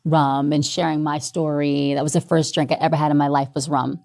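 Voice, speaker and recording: A young woman with a Southern accent talks in a relaxed, playful way, her voice sitting on the lower side. She moves quickly between topics and keeps the conversation light. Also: vocal fry. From Decatur, Georgia. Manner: playful, quick to break into impressions and other languages. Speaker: guest. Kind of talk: casual chat.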